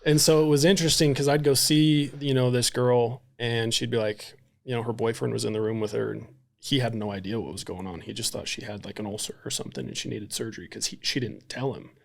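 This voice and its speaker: A man's voice: mid-range voice, fairly even intonation, fast, gravelly. A man, a psychiatrist and podcast guest, telling stories casually and animatedly, swearing freely and acting out the dialogue. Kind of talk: casual storytelling.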